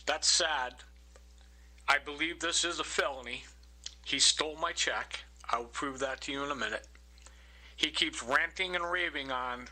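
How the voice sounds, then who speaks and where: Man, very bright tone, husky, indignant narration, accusing, repetitive. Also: medium pitch, unhurried, poor audio. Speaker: vlogger narrating his own recordings. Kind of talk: angry complaint narration.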